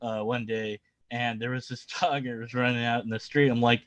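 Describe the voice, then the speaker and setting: A man's voice: mid-range voice, fairly even intonation, normal speed, no room sound. A man telling stories in a casual group chat, laughing often as he talks. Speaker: panel guest.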